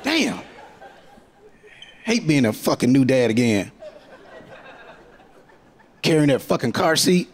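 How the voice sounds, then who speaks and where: A gravelly-voiced man in his forties works a stand-up set, loose and profane, laughing as he goes. His voice climbs and falls a lot. A faint crowd murmurs behind him. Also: medium pitch, very animated, slow, pauses often. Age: 40s. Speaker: stand-up comedian.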